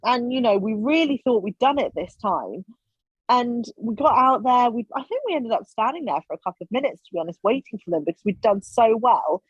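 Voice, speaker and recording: On a podcast, a female guest tells stories in easygoing conversation, animatedly performing the lines other people said. Her voice is fairly high and a touch rough, and she talks fairly quickly. The recording is dry with no echo and sounds slightly dull.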